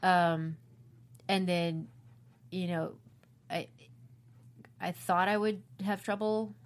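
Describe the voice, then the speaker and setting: A young woman with a slightly low voice talks casually about playing a role. She tells stories with lively quoted lines and laughs often. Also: slow pace. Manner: laughs often, animated storytelling with acted quotes. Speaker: actress discussing her role. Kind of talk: casual chat.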